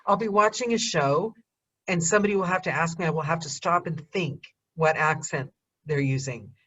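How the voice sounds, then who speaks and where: A woman's voice: deep voice, fairly bright tone, muffled recording. Chatty American woman hosting. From United States. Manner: chatty, quick, laughs often. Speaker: podcast host. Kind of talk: casual video-call chat.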